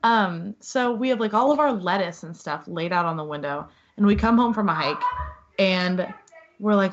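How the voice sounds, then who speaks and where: A young woman telling a story in casual chat, animated and acting out quoted voices, with "like" all through it. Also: mid-range voice, moderate pace, a little hiss or hum. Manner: animated, acts out quoted voices, says "like" a lot. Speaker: podcast guest. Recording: dull lo-fi podcast audio.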